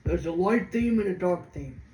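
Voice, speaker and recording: At his computer indoors, a man with a high-pitched, warm voice and lively intonation speaks at normal speed. He hosts a tech video, casually walking through a screen reader in a rambling, hesitant way with frequent restarts, and the room sounds roomy with faint noise.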